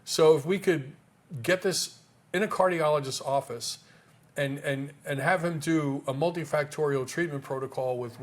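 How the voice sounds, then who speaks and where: A man in an interview talking casually about health research, emphatic, with rhetorical questions and frequent restarts. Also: a little high.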